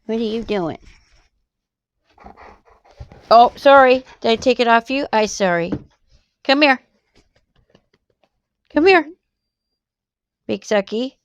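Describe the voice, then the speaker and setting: A woman's voice: fairly high pitch, normal speed, hardly any pauses, smooth, lo-fi sound. A woman talking casually to her pets in a cooing, baby-talk manner. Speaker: pet owner.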